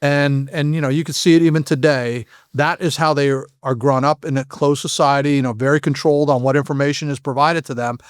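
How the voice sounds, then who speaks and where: A man's voice: fairly high pitch, fairly even intonation, clean tone, no echo, clean studio sound. A man who used to be an FBI agent, telling frank stories as a podcast guest and often restarting his sentences. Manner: frank, halting, with frequent restarts. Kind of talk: anecdotal storytelling in a podcast interview.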